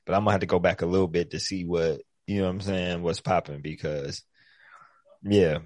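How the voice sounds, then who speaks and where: A man co-hosting a casual chat, talking loosely and profanely with lots of restarts and bursts of excitement. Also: sits low, a little fast, dry recording. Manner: profane, rambling, animated. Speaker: podcast co-host. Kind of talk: casual chat about TV shows.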